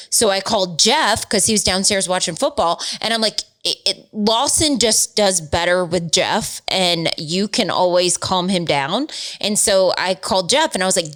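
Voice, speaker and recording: A woman, co-hosting a casual podcast and telling family stories in a chatty, animated way. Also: mid-range voice. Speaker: podcast co-host. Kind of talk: casual chat.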